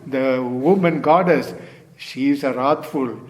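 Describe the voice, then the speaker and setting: An older man teaching as a Zen teacher in a dharma talk, speaking unhurried non-native English with simple grammar and frequent "you see" tags. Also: mid-range voice, a little mellow.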